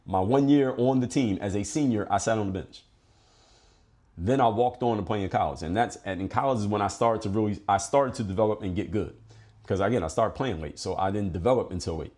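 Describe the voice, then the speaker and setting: Fast-talking, blunt, profane man. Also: fairly low pitch, a little mellow. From Philadelphia. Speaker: podcast host. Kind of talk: blunt motivational monologue.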